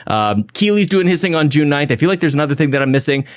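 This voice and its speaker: A man's voice: a little high, expressive, fast talker. A man hosting a podcast, chatting casually and energetically through thank-yous and plans, rambling and laughing at himself. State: a little out of breath. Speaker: podcast host. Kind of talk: casual podcast intro and shout-outs.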